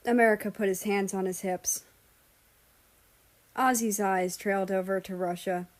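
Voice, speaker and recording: A woman narrating a fan fiction audiobook in a steady, even way. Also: mid-range voice, normal speed, pauses often. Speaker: story reader.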